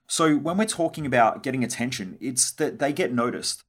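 A man's voice: mid-range voice, animated, moderate pace. A young adult man hosting a solo podcast monologue, blunt and swearing freely as he acts out quoted conversations. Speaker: podcast host.

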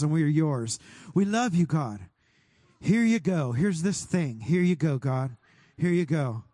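A pastor leading a fervent prayer over his congregation, speaking directly to God and sometimes rising to a shout. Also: sits high, no room sound, studio quality. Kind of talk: sermon prayer.

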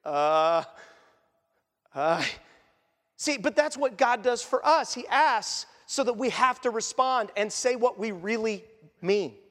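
Pastor, male, high voice, chatty preaching style, long church-hall reverb. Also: a little slow, a bit bright. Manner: asks the congregation questions and acts out quotes. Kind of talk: conversational sermon.

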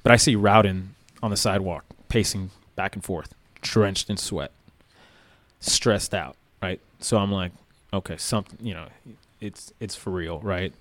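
With a deep voice and a measured pace, an ex-cop relaxes into a loose, meandering retelling of a story, leaning heavily on fillers. No room sound comes through.

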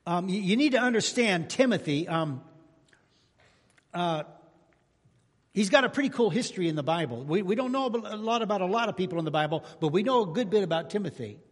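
A pastor preaching a sermon to his congregation, telling folksy stories and rising to loud exclamations. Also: high voice, expressive, a little fast. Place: church sanctuary. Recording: long hall reverb in church.

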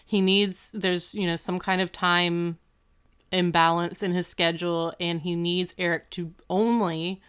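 A woman's voice: on the low side, unhurried, smooth. A woman co-hosting a casual podcast, recapping a TV episode and acting out the characters' lines. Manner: animated, retells scenes and acts out the characters' lines. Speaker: podcast co-host.

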